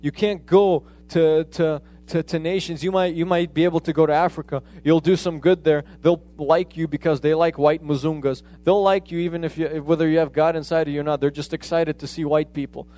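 A man's voice: a little high, steady tone, brisk, hardly any pauses, warm tone. A man preaching a sermon in a conversational way, often retelling conversations as quoted dialogue.

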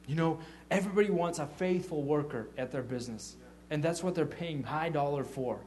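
A man delivers a casual, heartfelt sermon built from personal stories. His voice sits a little high for a man, and he trips into repeated restarts as he talks. He brings the tale to life by acting out the lines of the people in it. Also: brisk, a little hiss or hum. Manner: animated storytelling, acting out quotes; frequent stammered restarts. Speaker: church leader. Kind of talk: informal testimony sermon.

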